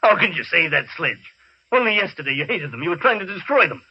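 A man's voice: fairly high pitch, sing-song, fast talker, slightly rough, exaggerated voice. An actor playing an earnest, anxious man in a 1950s radio drama, speaking urgently. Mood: alarmed. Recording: lo-fi vintage radio recording.

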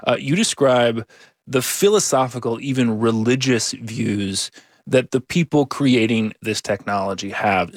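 A man hosting a radio interview who asks questions in a calm, curious way. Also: medium pitch, no room sound, clean studio sound.

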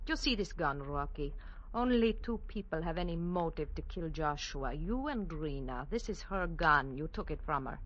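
A woman's voice: low-pitched, lively intonation, moderate pace, fairly bright tone. An actress playing a cold, ruthless female gang boss in a 1940s radio drama, cool and commanding. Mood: menacing. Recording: dull lo-fi old radio broadcast.

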